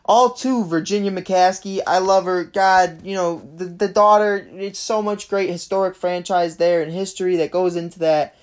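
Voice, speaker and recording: A young adult in their twenties hosting a sports podcast, ranting in frustration and swearing constantly as a fan. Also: mid-range voice. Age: 20s. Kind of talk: casual sports podcast rant.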